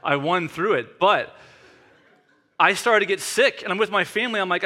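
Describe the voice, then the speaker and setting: A man's voice: high-pitched, fast, sharp tone. A man in his forties preaching a sermon, reading scripture and telling self-deprecating stories in a conversational way. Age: 40s. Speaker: pastor.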